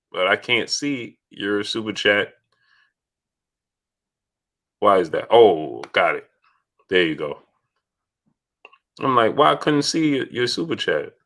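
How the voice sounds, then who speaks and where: Deep bright-voiced man hosting a livestream. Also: expressive, unhurried, pauses often. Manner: shouts out chat donors, repeats himself. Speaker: livestream host. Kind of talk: casual livestream chat.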